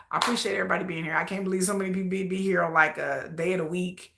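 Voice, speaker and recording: A woman chatting casually with her live audience about K-pop videos, animated and talkative. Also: lowish voice, creaky. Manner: chatty, animated, addresses viewers as y'all. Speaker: K-pop reaction vlogger. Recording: echoey room.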